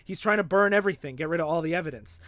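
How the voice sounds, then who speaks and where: A man in a casual podcast chat walks through a comic's plot, slipping into quoted lines and laughing along. His voice sits a little high and sounds dry and close. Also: very fast, fairly bright tone, no room sound.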